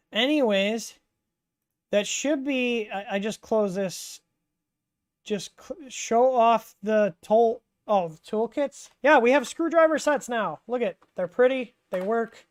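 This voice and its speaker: A woman hosting a casual live Q&A stream, talking in a relaxed, rambling way with many fillers and restarts. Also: on the high side, slow, pauses often. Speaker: livestream host answering 3D printer questions.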